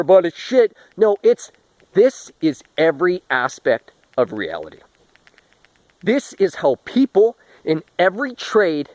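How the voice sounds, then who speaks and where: A man's voice: high voice, no room sound, low-quality recording. A man ranting with profanity and contempt, a little out of breath. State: a bit out of breath. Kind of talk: ranting monologue to camera.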